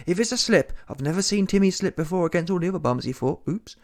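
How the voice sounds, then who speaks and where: A man giving an exasperated, animated comedy rant about boxing, often repeating himself. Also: high-pitched, fast talker. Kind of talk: ranting reaction commentary.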